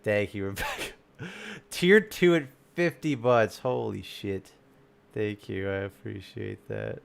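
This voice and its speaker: A man streaming live and reacting to game content in casual chat, excitable and swearing freely, often trailing off and restarting. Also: lowish voice, takes it slowly, gravelly, clear, resonant tone.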